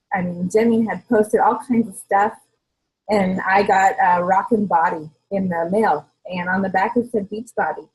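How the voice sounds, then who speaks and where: A woman with a very husky, breathy voice shares her own story on a team call. She talks earnestly, halting often with ums. Her pitch sits in the middle for a woman. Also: a little mellow, rough recording. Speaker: team member on a coaching call. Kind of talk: personal testimony on a group call.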